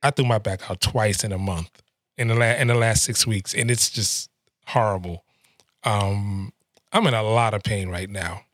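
A man co-hosting a podcast in a casual, playful, slangy way, telling lively stories. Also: fairly low pitch, moderate pace, no room sound, studio quality. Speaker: podcast co-host. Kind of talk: casual podcast chat and storytelling.

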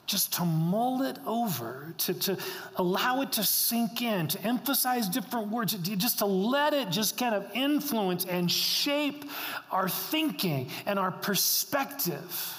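A man's voice: high-pitched, expressive, measured pace, fairly bright tone. A middle-aged man preaching a sermon as pastor, earnest, repeating phrases for emphasis. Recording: long reverb of a hall.

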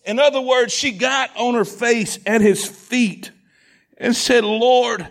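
A man preaching a sermon in a church, animated, repeating lines, shouting at times and asking the congregation questions. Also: very high-pitched, measured pace. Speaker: pastor. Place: church sanctuary.

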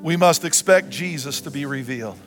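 A man preaching a sermon as pastor, repeating phrases and swinging from loud to soft. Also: fairly high pitch, fairly quick. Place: church sanctuary. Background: guitar music.

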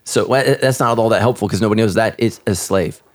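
A man's voice: lowish voice, brisk. A man who is a pastor and podcast host, talking earnestly, often repeating words and restarting. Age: adult with children. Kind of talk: casual podcast conversation.

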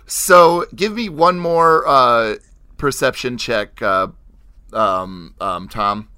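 A man's voice: medium pitch, takes it slowly, sharp tone, clean tone. A man narrating as game master in a tabletop game, hesitant and full of fillers.

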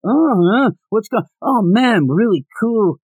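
A man putting on a stoned, spaced-out male teacher who drawls his words in a high, floaty voice. The voice sits well above a normal speaking pitch and has a loose, dazed energy. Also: expressive, takes it slowly, darkish tone, no room sound, full character voice.

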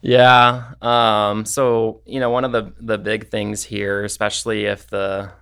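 A man explaining technical accounting rules on a podcast, steady and methodical, with frequent filler phrases. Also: on the low side, a little slow, vocal fry, clear, resonant tone. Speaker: accounting expert guest.

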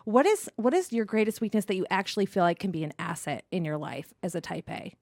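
A woman's voice: medium pitch, animated, fast, vocal fry, no room sound. Woman in her 30s co-hosting, chatty and laughing, dry close sound. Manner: warm, laughing, frequent mm-hmms. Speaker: podcast co-host and interviewer. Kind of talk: casual chat.

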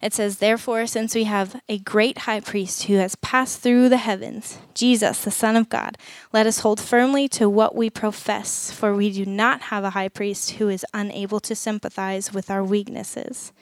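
Speaking to parents in a sermon-style talk at church, this women's ministry speaker stays earnest and conversational, voicing brief prayers as she goes. She talks at a normal speed in a level, medium-pitched voice with few pauses and no echo.

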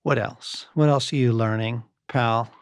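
A man's voice: medium pitch, steady tone, measured pace, smooth, no echo, studio quality. A man co-hosting a casual conversation, chatty and encouraging. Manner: encouraging, chatty, laughs easily. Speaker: podcast co-host.

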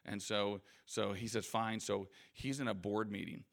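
A man with a fairly low voice works a live audience as a guest speaker. He tells his points through long, rambling anecdotes. His delivery is conversational and self-deprecating. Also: level tone, normal speed, gravelly. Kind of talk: anecdotal motivational talk.

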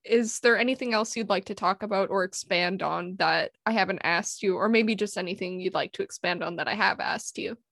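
A woman hosting a podcast interview, asking measured, calm questions. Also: mid-range voice, vocal fry, no echo, studio quality. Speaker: podcast host.

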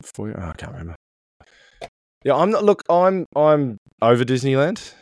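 A man's voice: mid-range voice, very animated, moderate pace, a little mellow, no room sound. A middle-aged man co-hosting a podcast in casual chat, swearing a lot as he rants. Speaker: podcast co-host.

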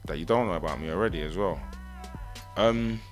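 A young man talks quickly in a relaxed, easygoing way, ending almost every phrase with "innit". His voice sits fairly low. Faint music plays underneath. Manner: laid-back, tags nearly every phrase with "innit". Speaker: musician and guest. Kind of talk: casual interview chat.

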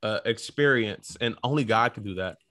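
A man with a bright, forceful voice co-hosting a podcast. He thinks out loud in a reflective way and backs up his partner with a steady stream of "yeah.". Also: on the low side, moderate pace. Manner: reflective, backchannels with frequent "yeah".

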